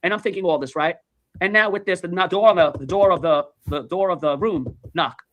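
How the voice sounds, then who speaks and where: Casting: rapid-fire male storyteller, profane, animated, voices every character. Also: sits high. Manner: animated storytelling, acts out dialogue, swears, laughs mid-sentence. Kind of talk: casual anecdote.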